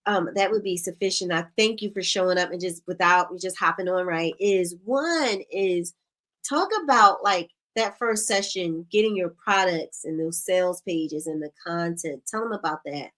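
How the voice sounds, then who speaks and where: A woman coach hosting a live group video call, animated and casual, laughing often and using slang. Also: lowish voice, moderate pace. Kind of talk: lively casual coaching talk.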